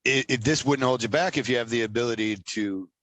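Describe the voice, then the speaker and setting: Bright-voiced, teasing male podcast host. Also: mid-range voice, brisk, no room sound. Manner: teasing, joking banter. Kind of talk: casual podcast chat.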